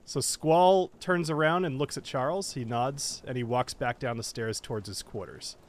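A man's voice: medium pitch, moderate pace. A man narrating as game master, casual with frequent fillers and restarts.

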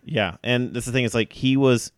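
A man co-hosting a casual sports podcast, giving blunt, quick, opinionated football analysis. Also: mid-range voice, smooth, no room sound, studio quality. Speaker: podcast co-host.

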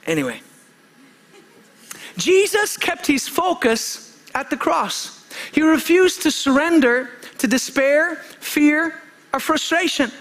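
A man's voice: very high voice, big pitch swings, slow pace, fairly bright tone. A male preacher giving a fervent sermon, calling out for amens and often repeating himself and restarting his sentences. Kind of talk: impassioned sermon.

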